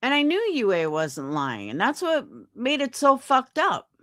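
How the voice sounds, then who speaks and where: Woman streamer, casual profane chat, somewhat high voice, dry close sound. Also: very animated, unhurried, a bit bright, no room sound. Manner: indignant, profane, quotes others in put-on voices. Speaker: live streamer.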